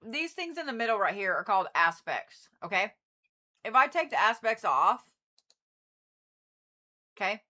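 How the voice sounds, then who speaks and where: A woman's voice: mid-range voice, sharp tone. A woman astrologer hosting a live reading, joking and swearing casually as she explains a birth chart. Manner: loose, joking, swears freely. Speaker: astrologer host.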